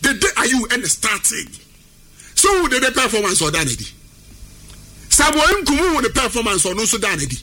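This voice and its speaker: A man with a Ghanaian accent giving animated sports talk, emphatic and repetitive, drifting into a sing-song delivery. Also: very high voice, moderate pace, pauses often. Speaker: sports pundit. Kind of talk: animated sports talk mixing Twi and English.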